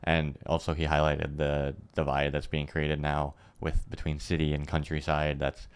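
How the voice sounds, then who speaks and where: An American man co-hosting a reaction video, explaining his points in a measured, thoughtful way. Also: very deep voice, completely flat delivery, clear, resonant tone. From United States. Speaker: reaction channel co-host. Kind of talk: casual reaction commentary.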